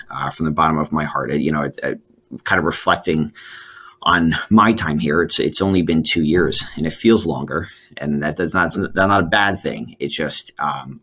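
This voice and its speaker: Very deep-voiced male school principal. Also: bright, forceful tone, breathy edge. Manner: friendly, casual, many fillers and restarts. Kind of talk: video welcome address.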